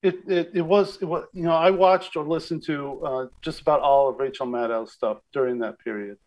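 A man's voice: fairly high pitch, fairly even intonation, brisk. A man, a guest on an interview show, speaking thoughtfully, hedging often and restarting his sentences. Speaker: guest media critic. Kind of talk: conversational interview.

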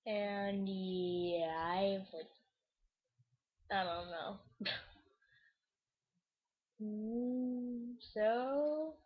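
A woman's voice: mid-range voice, very slow, long pauses, muffled recording. A woman talking in a silly, playful, rambling way, making a casual goofy webcam vlog. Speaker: vlogger.

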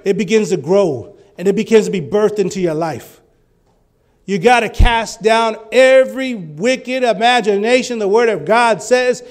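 A male preacher giving a sermon, telling healing stories and rising to loud, fervent exclamations. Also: high-pitched, a little slow.

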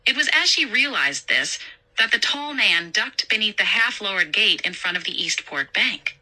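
Bright woman narrating a suspenseful story. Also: medium pitch, lively intonation, moderate pace, low-quality recording.

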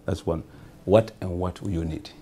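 A man's voice: deep voice, steady tone, normal speed, warm tone, husky. A Ghanaian man, a member of parliament, answering in a talk show interview with rambling, repetitive answers. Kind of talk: talk show interview, mixing English and Twi.

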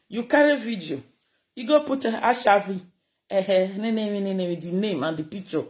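A speaker with a Nigerian accent in a casual rant to camera, animated and scolding, switching between Pidgin and Yoruba. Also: medium pitch, moderate pace.

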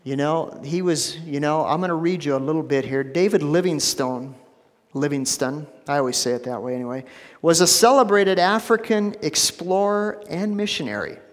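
A man preaching a sermon as pastor, emphatic, repeating phrases and dropping to a hushed low voice for stress. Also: moderate pace, long reverb tail. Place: church sanctuary.

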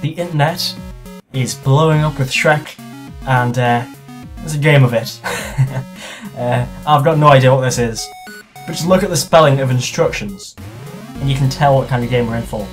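A man's voice: mid-range voice, normal speed, long pauses, soft background music. A man hosting a let's play, joking crudely and swearing as he plays. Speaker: gaming video host.

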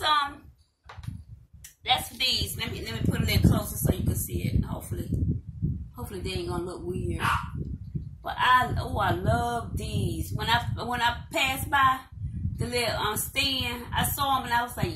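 A middle-aged woman vlogger chats casually with viewers in a haul video, calling them y'all and repeating herself. Her voice sits fairly high and moves at a normal speed. The room is echoey, the mic is distant, and there's loud noise.

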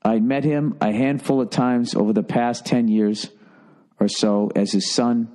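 A male comedy podcast host reading a listener's letter aloud. He keeps breaking off for profane, sarcastic asides, in a voice of ordinary pitch for a man. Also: steady tone, unhurried, warm tone.

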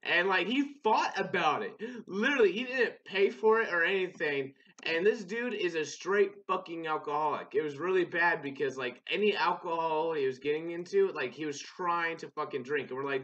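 A man's voice: fairly high pitch, moderate pace, few pauses, fairly bright tone, lo-fi sound. A young man giving casual, rambling, profane commentary while playing a game, often restarting his sentences. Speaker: gaming channel host.

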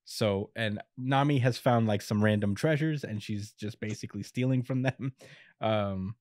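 A man's voice: fairly low pitch, darkish tone, no room sound, clean studio sound. A young man co-hosting a podcast, recapping a comic chapter in a casual, laid-back way and chuckling often. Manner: laid-back, chuckles often, acts out quotes in quick bits. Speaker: podcast co-host recapping manga. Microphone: podcast microphone.

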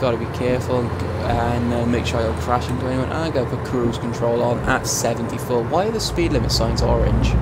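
Young male streamer, chatty and self-deprecating, mid pitch, heavy game engine noise underneath. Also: fairly even intonation, fairly quick, hardly any pauses. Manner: chatty, rambling, self-mocking. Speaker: gaming streamer. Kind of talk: casual live gameplay commentary.

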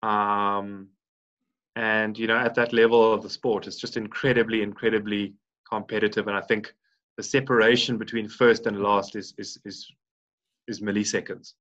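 A man's voice: fairly low pitch, level tone, moderate pace, fairly bright tone. A man in his thirties from South Africa, a podcast guest who talks in a rambling way, full of restarts and fillers. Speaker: guest, former Paralympic swimmer. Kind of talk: casual podcast interview. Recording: dull lo-fi sound.

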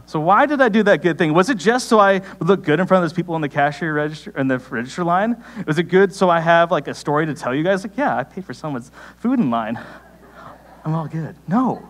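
A young man preaches in a relaxed, conversational sermon, telling a story from his week. His voice sits a little high and leaps upward when he gets excited. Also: fast talker, few pauses. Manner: conversational storytelling with sudden rises in pitch. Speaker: pastor.

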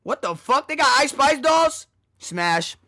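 A young man streaming a casual reaction chat, crude and excitable, jumping between loud outbursts and low mutters into a desk mic. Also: a little slow, faint music behind. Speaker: streamer reacting to a music video.

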